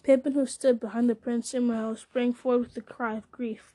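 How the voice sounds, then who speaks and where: A woman reading a fantasy novel aloud, now and then tripping over words and going back to repeat them. Her voice is mellow and soft, pitched a little high. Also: flat delivery, fairly quick. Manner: frequent stumbles and restarts. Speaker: reader.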